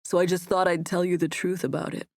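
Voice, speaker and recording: Woman narrator playing confident young male love interest, soft and teasing, lowish, dry. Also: flat delivery, fast, vocal fry, dry recording. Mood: tender. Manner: gentle, teasing. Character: confident affectionate young man, Nico. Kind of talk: audiobook dialogue.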